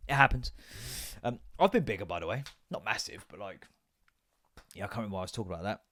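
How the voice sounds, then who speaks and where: A man's voice: lowish voice, expressive, fast, a bit bright. A man, hosting a casual podcast and rambling, swearing and mocking himself as he talks. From England. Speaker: podcast host. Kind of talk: casual solo podcast rant.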